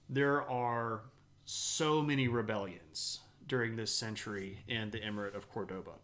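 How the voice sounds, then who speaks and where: A man from the southeastern United States with a light Southern accent, giving a live-streamed history talk and chatting with viewers, with many pauses and fillers. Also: mid-range voice, fairly bright tone. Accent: light Southern American.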